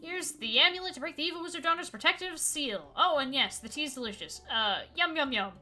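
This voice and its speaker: A woman's voice: high voice, lively intonation, brisk, sharp tone, full character voice. A woman voicing a sweet, friendly cat creature that lives in a hole, reading a video game's dialogue. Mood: cheerful.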